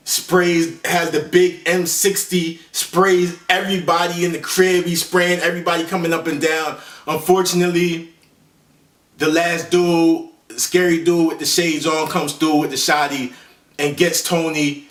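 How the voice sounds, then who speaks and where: A man hosting a laid-back movie countdown. He rambles in street slang, full of fillers and self-corrections, at a slightly high pitch. He sits well back from the mic in a roomy, echoing space. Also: little pitch movement, a little slow, a bit bright. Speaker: host. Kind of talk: casual movie countdown commentary. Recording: echoey room, voice far from the mic.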